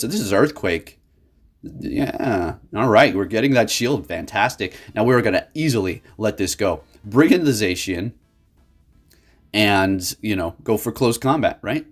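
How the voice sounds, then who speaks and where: A man giving casual, excitable gameplay commentary for his channel, laughing often and talking to viewers as folks. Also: on the low side. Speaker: gaming YouTuber.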